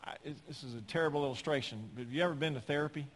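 Male preacher, fairly high voice, emphatic with folksy humor, long church reverb. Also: racing, a little hiss or hum. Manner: emphatic, rising to loud peaks, with folksy humor. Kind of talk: sermon.

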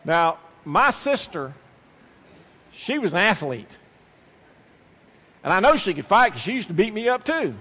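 A man preaches with a notably high voice, repeating phrases for emphasis as he tells a story from the pulpit. His words ring out with a long reverb of a large hall. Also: big pitch swings, unhurried, pauses often, bright, forceful tone. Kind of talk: sermon with personal story.

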